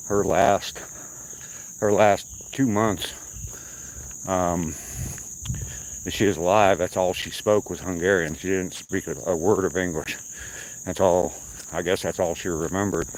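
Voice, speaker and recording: A man's voice: sits low, a little hiss or hum, rough recording. An older man with a slight Southern accent, chatting casually with viewers on a live stream while out on a walk, rambling from topic to topic. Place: outdoors at night on a walk.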